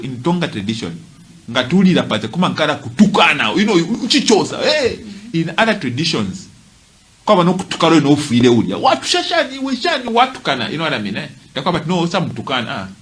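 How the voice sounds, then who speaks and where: Man, impassioned commentary, emphatic, animated pitch, a little high. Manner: emphatic, repeats points, rhetorical asides. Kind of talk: impassioned commentary, mixing languages.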